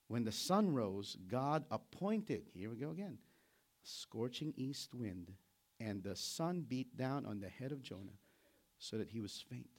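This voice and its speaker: A middle-aged man preaching a sermon in an animated way, acting out biblical characters and laughing as he goes. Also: medium pitch. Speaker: pastor.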